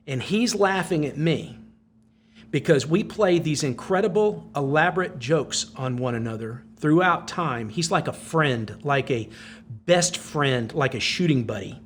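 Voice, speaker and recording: A man's voice: a little high, a little hiss or hum. A man in his sixties, a podcast guest, telling a personal story intensely with repeated phrases. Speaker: podcast guest, former Navy SEAL.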